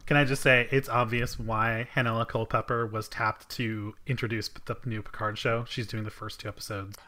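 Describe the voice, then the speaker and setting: Chatty guy on a podcast, bright punchy voice, laughs a lot. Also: mid-range voice, flat delivery, moderate pace. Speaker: podcast co-host. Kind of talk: casual podcast chat.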